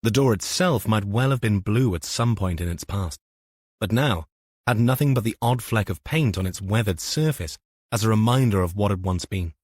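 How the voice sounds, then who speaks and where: Male audiobook narrator, low voice, dry close sound, measured, even. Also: no echo. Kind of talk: scripted narration.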